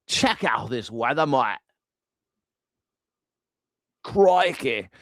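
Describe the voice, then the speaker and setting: A man's voice: medium pitch, sing-song, measured pace, a bit bright, no room sound. A man voicing a boisterous, exaggerated mock Australian bloke, drawing out slang in an overdone way.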